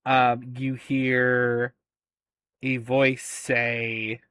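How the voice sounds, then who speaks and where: A man's voice: mid-range voice, little pitch movement, very slow, fairly bright tone, dry recording. A man narrating a tabletop game as game master, hesitant with many filler sounds.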